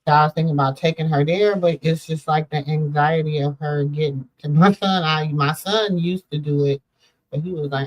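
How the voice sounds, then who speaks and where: A woman's voice: sits low, normal speed, rough recording. Middle-aged woman host, casual storyteller, rambling and filler-heavy. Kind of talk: casual chat.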